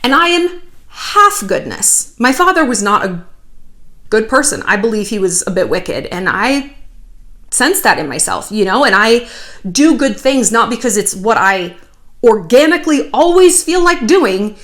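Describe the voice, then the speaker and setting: A woman in her thirties hosting a casual commentary vlog, chatty and animated with sarcastic asides. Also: a little high, normal speed. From United States. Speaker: YouTube commentary host.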